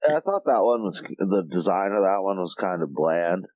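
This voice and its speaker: A man's voice: low-pitched, very animated, moderate pace, a little mellow, no room sound, dull audio. A man co-hosting a podcast, chatting casually, rambling with lots of swearing and filler words. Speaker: podcast co-host. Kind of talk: casual chat.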